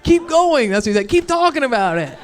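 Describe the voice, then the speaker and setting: Young female stand-up, loose self-deprecating rambler, crude, mid-pitched voice, handheld mic. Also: very animated, quick pace. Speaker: stand-up comedian. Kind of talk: improvised stand-up set. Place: comedy club stage with live audience.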